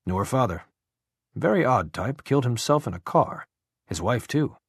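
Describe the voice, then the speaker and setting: A man's voice: mid-range voice, animated, moderate pace, gravelly, slightly rough, dry recording, clean studio sound. A man voicing a brusque older army colonel who talks in clipped, blunt commands with a dusty, throaty voice.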